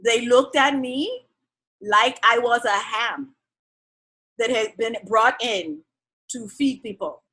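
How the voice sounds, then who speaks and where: A woman telling stories in animated casual chat, laughing often and swinging between loud outbursts and soft asides. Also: fairly high pitch, slow pace, pauses often.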